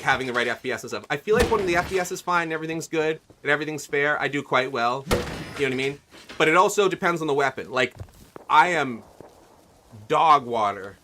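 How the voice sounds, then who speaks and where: A male gaming livestreamer with a pushed, bright, mid-range voice chats loosely and polls his viewers for their thoughts. Slight background noise can be heard.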